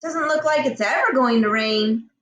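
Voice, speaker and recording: A kindly, folksy storybook station master, easygoing and chuckling, as a woman reads him in her own high voice. The sound is roomy with a lot of echo, and the mic sits a little way off. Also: moderate pace, a bit bright, distant mic, natural voice. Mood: friendly. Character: friendly middle-aged male station master.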